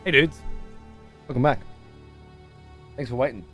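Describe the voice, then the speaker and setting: A man streaming a video game, chatting casually and swearing freely with excitable outbursts. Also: mid-range voice, measured pace, soft background music. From United Kingdom. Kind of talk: casual gameplay livestream chat.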